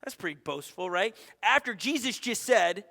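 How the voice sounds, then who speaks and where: Brief: high, bright-voiced man preaching a casual, lively sermon in a reverberant church hall. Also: vocal fry. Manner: conversational, energetic, with asides and quick restarts. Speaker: pastor.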